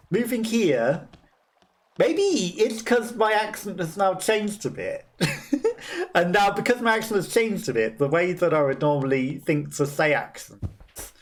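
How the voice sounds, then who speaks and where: A man's voice: on the high side, a little hiss or hum. A man casually commentating on his gameplay as a let's play host, chatting freely and laughing often between remarks.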